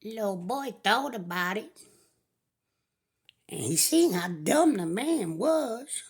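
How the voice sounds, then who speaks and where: A woman's voice: medium pitch, animated, takes it slowly, breathy edge. A woman telling a comic story in a drawling, folksy way. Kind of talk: comedic storytelling.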